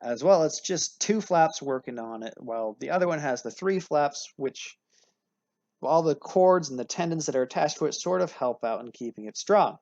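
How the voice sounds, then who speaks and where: Fairly high-pitched and a little mellow, this man's voice has lively intonation and a normal speed as he lectures on anatomy. He keeps things casual and upbeat, with analogies and repeated self-corrections mid-sentence. The recording is dry and slightly dull.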